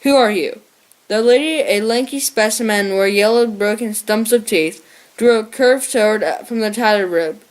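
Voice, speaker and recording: An audiobook narrator reads a novel aloud in a plain manner, her voice fairly high and her speed normal. She makes small slips and restarts along the way.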